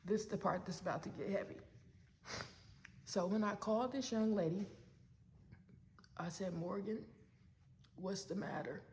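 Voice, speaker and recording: A woman telling an emotional personal story about her job straight to her viewers, speaking warmly and directly to them. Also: mid-range voice, moderate pace, pauses often, a little hiss or hum. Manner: heartfelt, talks straight to viewers as "y'all". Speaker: work supervisor sharing a personal story.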